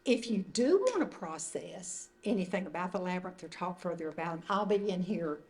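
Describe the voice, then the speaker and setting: A woman's voice: fairly low pitch, lively intonation, fairly quick. An older woman leading a retreat group, giving an informal, conversational teaching talk indoors in a meeting room. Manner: conversational, loosely phrased, gentle. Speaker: retreat leader.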